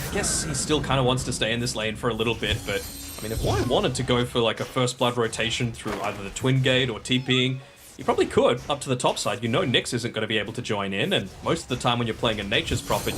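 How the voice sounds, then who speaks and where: Easygoing male esports analyst, noisy feed. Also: mid-range voice. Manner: easygoing analysis, laughs often. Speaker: esports color commentator. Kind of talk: live game analysis.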